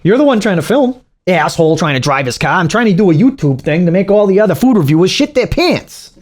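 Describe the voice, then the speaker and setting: A man's voice: high voice, very animated, fast. A man hosting a reaction video, talking in a casual, sarcastic and profane way.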